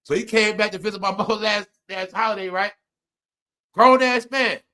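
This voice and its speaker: A middle-aged man hosts a casual live stream and tells stories about his family. His voice sits high for a man and sounds bright and sharp. He chuckles through his lines and swings between loud bursts and low mutters. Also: level tone, quick pace. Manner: laughs often while telling stories. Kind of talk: casual storytelling to viewers.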